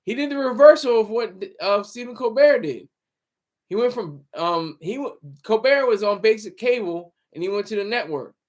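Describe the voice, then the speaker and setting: A man's voice: sits high, expressive, moderate pace. A man livestreaming casual commentary in a rambling, sarcastic way. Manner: rambling and sarcastic, with frequent restarts.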